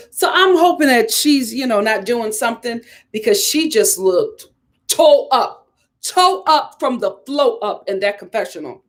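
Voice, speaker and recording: Sassy, animated woman recapping reality TV. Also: a little high, a little slow. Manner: sassy, animated, talks straight to the people on screen. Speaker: reality TV reviewer. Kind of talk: casual recap commentary.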